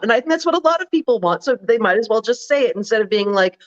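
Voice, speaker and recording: A woman co-hosting a casual political chat, talking loosely with lots of "like" and quick mimicry of other people. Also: fairly high pitch, lively intonation. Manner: chatty, lots of "like", mimics others in put-on voices. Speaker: co-host. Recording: muffled lo-fi audio.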